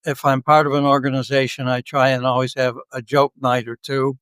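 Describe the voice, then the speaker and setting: A man's voice: medium pitch, level tone, a little fast, a bit bright, clear, resonant tone, no room sound. A man in his seventies, a podcast guest, tells stories in a joking, easygoing way. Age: 70s. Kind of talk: casual interview storytelling.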